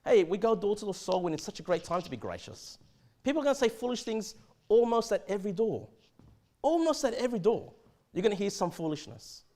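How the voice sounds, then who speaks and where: A man with an Australian accent preaching a sermon in a church, conversational and animated, often stammering and restarting his sentences. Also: sits high, vocal fry. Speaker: pastor.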